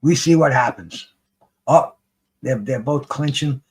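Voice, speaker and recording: A man casually commenting on a live boxing fight as a streamer, rambling and excitable, swearing freely and restarting his sentences. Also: mid-range voice, a little slow, slightly rough.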